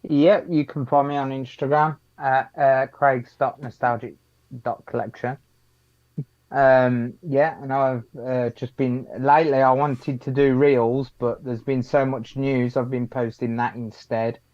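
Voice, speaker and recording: A man gives a matter-of-fact update over a video call. His voice stays very flat, and the audio comes through dull and dry. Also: medium pitch, a little slow, no echo. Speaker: guest collector. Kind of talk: casual chat.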